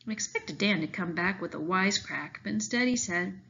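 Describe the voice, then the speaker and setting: Teacher reading aloud to kids, woman, mid-range pitch, lively storytelling, slightly muffled lo-fi sound. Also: brisk, creaky, a little hiss or hum. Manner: expressive reading, voicing the characters lightly. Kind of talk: children's novel read-aloud.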